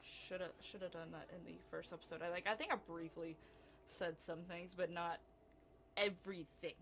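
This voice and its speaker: A young woman chats through a life-simulation game she's playing, giggly, excitable and laughing often. Her voice is lowish and her speed normal, with a little hiss or hum in the background.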